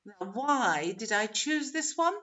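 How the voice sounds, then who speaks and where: A woman teacher trainer leading an online webinar, encouraging and modeling pronunciation slowly. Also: a little high, expressive, bright, forceful tone. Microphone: video call. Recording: dull lo-fi webinar audio.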